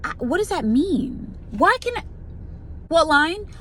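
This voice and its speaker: A woman's voice: extremely high pitch, slow, slight background noise. A young woman venting profanely about her new pharmacy technician job, in a rant-style vlog. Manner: profane, exasperated, animated retelling with quoted voices. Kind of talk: ranting storytime vlog.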